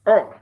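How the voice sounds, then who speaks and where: A man hosting a casual sports livestream, joking and chatting loosely while reading live comments, with sudden animated bursts. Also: sits high, slightly rough, dull audio.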